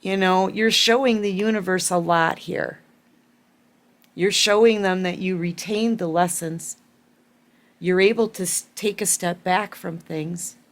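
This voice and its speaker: A woman's voice: on the low side, steady tone, unhurried. A woman giving a collective tarot reading to her viewers, emotional and fighting back tears, repeating phrases for emphasis. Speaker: tarot reader.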